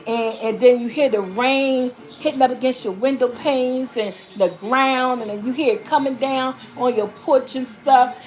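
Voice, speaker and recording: A woman's voice: high-pitched, moderate pace, few pauses, darkish tone. A woman hosting her own vlog, chatting loosely with viewers and reading their comments, rambling and repeating herself as she talks and calling them y'all. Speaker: vlogger host. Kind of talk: casual live-stream chat reading viewer comments.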